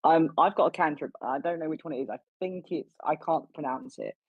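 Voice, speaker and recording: A man's voice: a little high, a little fast, slightly rough, no room sound, narrow, tinny audio. A man playing a tabletop game, talking casually and a little hesitantly as he asks about his turn. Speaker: player.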